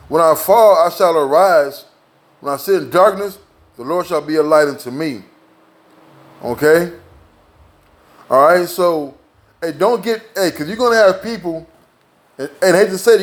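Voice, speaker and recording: A man preaching a sermon in a loose, conversational way, dropping "man" and "all right?" between points and slowing down to read scripture aloud. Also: high voice. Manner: informal, peppers lines with "man" and "all right?". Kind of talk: street-style sermon with scripture reading.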